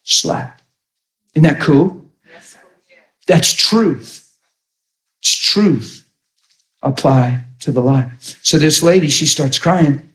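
A man preaching with a slightly high voice, telling stories full of feeling. He drops to soft, hushed tones when he quotes people. The sound is echoey, like a large room. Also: drawn-out words, long pauses. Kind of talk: sermon storytelling.

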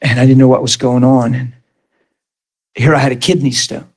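Speaking at a moderate pace in a mid-range voice, a man in his thirties or forties tells his personal testimony as a preached story. He laughs a lot and animatedly acts out each scene.

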